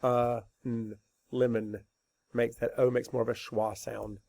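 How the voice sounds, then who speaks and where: A man teaching a spelling lesson, dictating words slowly letter by letter and asking and answering his own questions patiently. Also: medium pitch, flat delivery, gravelly, darkish tone, dry recording. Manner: slow, deliberate letter-by-letter dictation.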